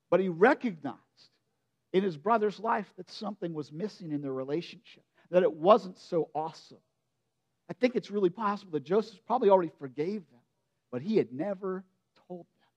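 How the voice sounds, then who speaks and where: High-voiced man preaching conversationally. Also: muffled recording. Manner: conversational, expressive preaching with direct questions to listeners. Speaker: pastor. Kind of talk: sermon.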